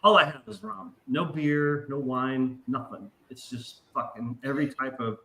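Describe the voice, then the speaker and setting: A man in his forties hosts a casual podcast, rambling and swearing his way through a story. His mid-range voice is bright and forceful with fairly even intonation and a moderate pace, on a rough recording with some hiss or hum.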